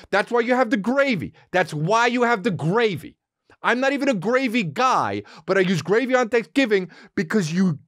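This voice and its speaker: A man's voice: high voice, a bit bright, dry recording. A man hosting a podcast, telling a comic story in a profane, rambling way into a studio mic. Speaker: podcast host.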